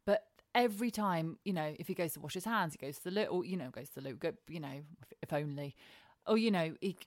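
Woman co-host, frank and jokey, slightly low voice, dry close sound, faint music. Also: expressive, fast talker, no room sound. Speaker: podcast co-host. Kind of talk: casual chat.

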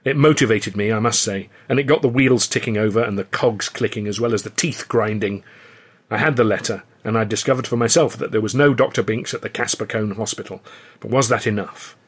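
A man's voice: on the low side, brisk, husky. A man reading his own comic novel aloud in a dry, wry storytelling manner. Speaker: author and audiobook narrator. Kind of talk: scripted narration.

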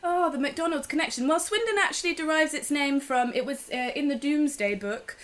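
Woman, comedy podcast guest, from England, hesitant, self-mocking, slightly high-pitched. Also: brisk, fairly bright tone. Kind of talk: casual comic chat.

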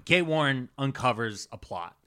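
A man hosting a casual comedy podcast, telling history in an animated, rambling, jokey way. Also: mid-range voice, normal speed, clean tone. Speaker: podcast host.

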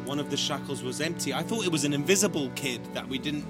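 A man playing a tabletop game, chatting quickly and jokingly. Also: a little high, over loud music. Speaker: player. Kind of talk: casual game chat.

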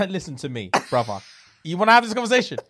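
A man's voice: high voice, quick pace. A man, co-hosting a podcast in casual, joking banter full of slang. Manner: animated, joking, slang-heavy. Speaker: podcast co-host.

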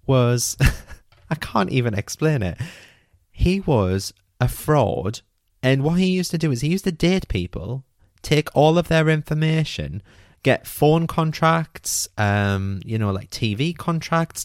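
A young British man hosting a podcast, telling his own story in an animated, self-mocking way and swearing freely. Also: mid-range voice, no echo, studio quality. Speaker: podcast host.

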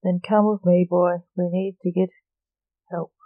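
Woman reading as the grim reaper dad, gruff, slow and dry-sounding. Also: on the low side, little pitch movement, no echo, narrow, tinny audio, lightly acted. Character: gruff fatherly grim reaper emperor, male.

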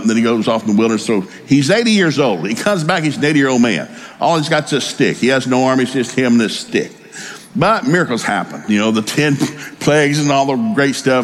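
A middle-aged man preaching a sermon, telling personal stories and acting out both sides of the conversations. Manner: storytelling preacher, acts out both sides of conversations, lively jumps in pitch.

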